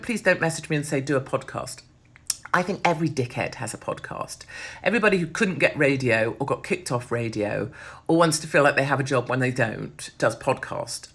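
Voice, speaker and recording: A woman's voice: sits low, fairly bright tone. A woman, hosting a blunt, sweary, sardonic monologue. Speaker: host. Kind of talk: casual monologue.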